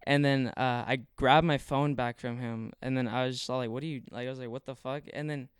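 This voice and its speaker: A man's voice: medium pitch, steady tone, a little fast, smooth, dry recording, studio quality. A young man telling a story in casual talk, rambling with lots of fillers and swearing. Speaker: podcast guest.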